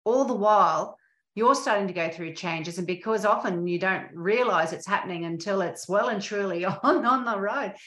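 A woman's voice: mid-range voice, normal speed, a bit bright. A middle-aged woman hosting a podcast, speaking in a reflective, thoughtful way. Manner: reflective, thoughtful, some restarts. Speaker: podcast host. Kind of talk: interview conversation. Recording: echoey room.

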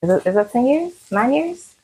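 A woman guest on a podcast, talking in a relaxed, laid-back way. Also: a little high, normal speed, slight background noise, low-quality recording. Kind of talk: casual chat interview.

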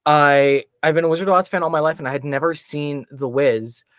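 A man's voice: a little high, fairly even intonation, fairly quick, smooth, dry recording. Enthusiastic man in a dry room. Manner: enthusiastic, rambling with fillers. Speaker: podcast guest. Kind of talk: casual chat.

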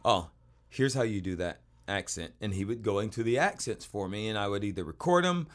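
A man hosting a casual chat, telling jokey stories in an animated way. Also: lowish voice, fairly quick. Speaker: host.

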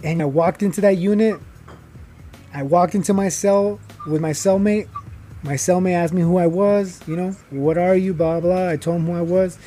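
A young man, telling a personal story in casual talk, animated and full of fillers, acting out the people he quotes. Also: high-pitched, normal speed, faint music behind. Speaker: guest telling his story.

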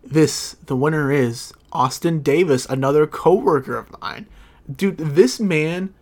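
A man's voice: a little high, measured pace. A young man hosting a podcast in casual, profane chat, often stumbling over his words and laughing. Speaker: podcast host.

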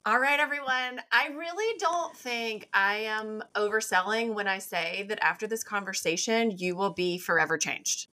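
Enthusiastic woman podcast host with a bright voice. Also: mid-range voice, moderate pace, hardly any pauses. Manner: effusive, enthusiastic. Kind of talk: podcast interview.

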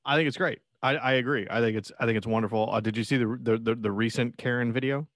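A man co-hosting a casual podcast. He rambles with plenty of swearing and false starts. The sound is dry and close, at an ordinary pitch. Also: fast, dry recording. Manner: profane, rambling, lots of restarts. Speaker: podcast co-host. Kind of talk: casual chat.

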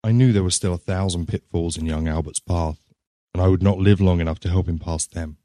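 A man reading a story aloud in a measured, grave narrating manner. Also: low voice, steady tone, dark tone, no echo, studio quality.

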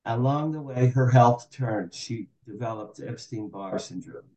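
Man, 60s, podcast guest. Animated storyteller, dark mellow tone, echoey room. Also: mid-range voice, unhurried. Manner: animated, acts out quoted dialogue. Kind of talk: candid storytelling interview.

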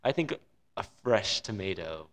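A man's voice: sits low, lively intonation, measured pace. A man co-hosting a podcast, chatting casually and enthusiastically about a movie he saw. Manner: rambling, enthusiastic opinions. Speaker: podcast co-host. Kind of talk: casual film review chat.

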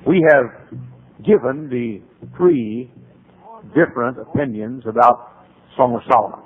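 Folksy gravelly preacher on old radio. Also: male voice, mid-range voice, big pitch swings, measured pace. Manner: folksy storytelling with rising preaching emphasis. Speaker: pastor. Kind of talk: sermon. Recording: tinny phone-like old radio broadcast.

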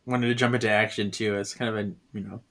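A man's voice: little pitch movement, fast, a bit bright. A man co-hosting a podcast, chatting about a comic, laughing often and jumping into the characters' lines. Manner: laughs often, acts out lines with big pitch jumps. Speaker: podcast co-host. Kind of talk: casual chat about a comic.

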